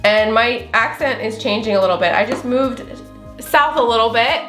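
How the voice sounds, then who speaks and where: Woman host, slight Southern twang, high voice, chatty recipe vlog in a roomy kitchen. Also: moderate pace, a bit bright, faint music behind. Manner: chatty, filler-heavy, giggly. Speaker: recipe vlogger. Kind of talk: casual recipe demo.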